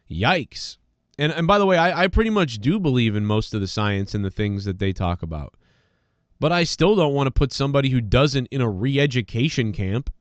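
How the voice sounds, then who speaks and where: A man's voice: mid-range voice, animated, normal speed, no room sound, highs cut off. Profane, rambling man ranting solo. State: congested from allergies. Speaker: podcast host. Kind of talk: casual solo rant.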